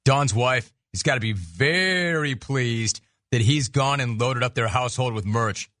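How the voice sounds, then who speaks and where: A man's voice: mid-range voice, animated, fairly bright tone, dry recording, studio quality. A man hosting a sports talk radio show, riffing in a sarcastic, mocking way. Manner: sarcastic, mocking, rapid riffs.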